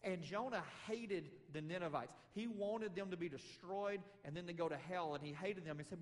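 A man preaching a sermon in a conversational, animated way, acting out quotes with rising emphasis. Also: high voice, moderate pace, hardly any pauses. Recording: long hall reverb.

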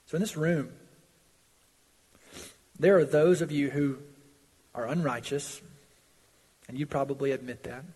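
Male pastor, sermon, husky voice, earnest preaching, swells and drops in volume, church sanctuary, long hall reverb. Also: steady tone, a little slow, long pauses. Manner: earnest preaching, swells loud on pleas and drops low on warnings.

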